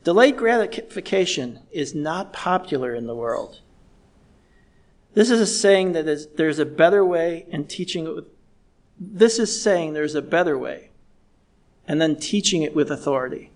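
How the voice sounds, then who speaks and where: A middle-aged man preaching a sermon in a measured, earnest way, slowing down to stress key words. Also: on the high side, animated. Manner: measured, earnest, slows down for emphasis.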